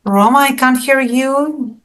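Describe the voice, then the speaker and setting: A woman's voice: high-pitched, slow, fairly bright tone. A woman teaching an English lesson over a video call, patiently asking her students questions and encouraging them.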